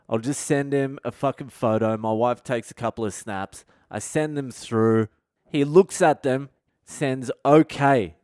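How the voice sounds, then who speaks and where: A man's voice: mid-range voice, darkish tone, dry recording. Middle-aged comedian guy ranting a story, swears a lot, makes fun of himself, dry sound. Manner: profane, blunt and self-mocking. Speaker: comedian and podcast host. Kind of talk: comic storytelling monologue. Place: expat in a city abroad.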